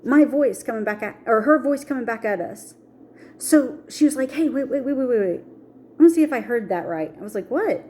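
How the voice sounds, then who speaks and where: A middle-aged woman recounts her own story to the camera, slipping into the voices of the people she quotes. Her voice is mellow and warm. A faint noise runs under the recording. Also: fairly high pitch, brisk. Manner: animated, acts out quoted voices. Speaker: vlogger. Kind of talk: personal storytelling.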